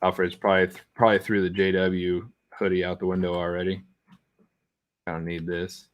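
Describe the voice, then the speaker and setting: Man, middle-aged, low voice, blunt, emphatic, casual stream chat. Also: flat delivery, a little fast. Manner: blunt, emphatic, repeats words. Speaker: co-host of a gaming stream.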